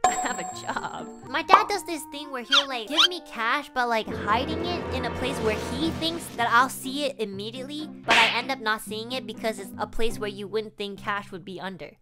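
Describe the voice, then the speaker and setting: A woman's voice: on the high side, fairly quick, hardly any pauses. A young adult woman telling a story to her live chat in a chatty way. She laughs often and says "like" a lot. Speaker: streamer. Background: background music.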